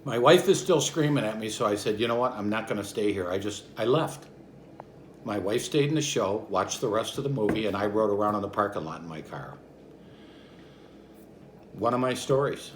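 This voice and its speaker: Animated middle-aged man telling a story. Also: moderate pace, a little hiss or hum. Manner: animated, acts out shouts and quotes with big pitch jumps. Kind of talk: personal anecdote told to camera. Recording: echoey room with faint ambience.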